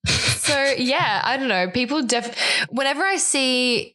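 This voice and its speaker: A woman's voice: sits high, lively intonation, unhurried, bright, forceful tone, low-quality recording. A young Australian woman co-hosting a podcast, chatting casually, swearing freely and laughing often. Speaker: podcast co-host. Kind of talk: casual chat.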